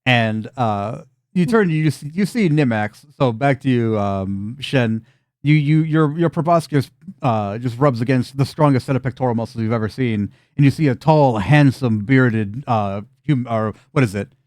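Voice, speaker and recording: A man's voice: mid-range voice, expressive, normal speed, darkish tone, no echo. Man, game master, tabletop narration, casual swearing, dry sound. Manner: loose and laughing, swears casually.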